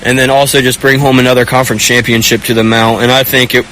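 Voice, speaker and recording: This is a young man in his twenties, a college quarterback giving an interview. He talks earnestly and haltingly, stopping and restarting mid-thought. A faint hum of traffic and outdoor ambience sits behind his mid-pitched voice. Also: level tone, bright, forceful tone, rough recording. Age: young adult. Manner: earnest, halting, searching for words. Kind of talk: postgame sideline interview.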